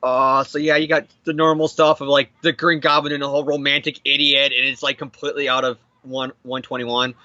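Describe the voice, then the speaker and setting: A young man recapping a comic book issue in casual chat, animated and swearing as he acts out the characters. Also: mid-range voice, a little fast, hardly any pauses, no echo, lo-fi sound. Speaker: comic podcast co-host.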